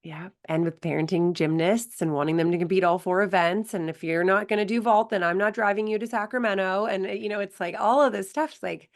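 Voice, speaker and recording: A woman's voice: medium pitch, fairly even intonation, fairly quick, few pauses. A woman hosting a podcast as a performance coach, speaking in a thoughtful, reflective way. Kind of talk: podcast conversation.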